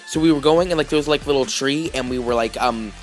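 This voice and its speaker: A man's voice: mid-range voice, fast, faint music behind. A man vlogging, telling a story casually with lots of fillers, restarts and "like"s. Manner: rambling, heavy with fillers and restarts.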